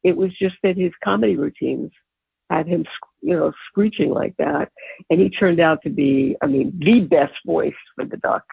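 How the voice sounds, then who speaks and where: An older woman, an advertising agency founder, telling animated stories in an interview and laughing often. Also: fairly low pitch, normal speed, vocal fry, breathy edge, dry recording. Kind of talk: storytelling in an interview. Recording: tinny phone-like line.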